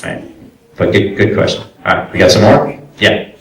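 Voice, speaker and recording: A man and voice actor giving a convention panel talk, animated and acting out quoted directors and clients. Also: lowish voice, moderate pace, vocal fry. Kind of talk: casual panel talk with audience questions. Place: convention hall. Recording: echoey hall, voice picked up from far off.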